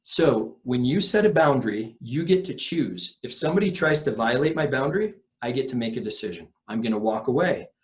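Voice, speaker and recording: A man's voice: medium pitch, expressive, fairly quick, few pauses. A man, a recovery coach guest on a podcast, explaining earnestly and emphatically, acting out quoted lines.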